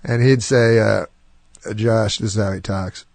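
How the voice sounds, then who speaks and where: A man's voice: on the low side, steady tone, unhurried, creaky, a little mellow, dry recording. A man telling rambling showbiz anecdotes in a casual chat, laughing often and slipping into voices when quoting people. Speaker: comedian guest.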